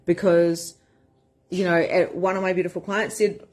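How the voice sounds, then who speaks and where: A woman's voice: fairly low pitch, little pitch movement, moderate pace, a little mellow. A woman in her thirties, a spiritual empowerment coach, talking frankly and with energy to her members, swearing casually. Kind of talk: casual live-stream talk to members.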